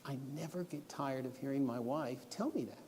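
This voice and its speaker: A man's voice: mid-range voice, normal speed, a little mellow, slight background noise. A middle-aged man preaching a lesson in church, telling personal stories and giving homework in an earnest, instructive way. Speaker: guest preacher. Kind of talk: sermon lesson. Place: church auditorium. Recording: long church hall reverb.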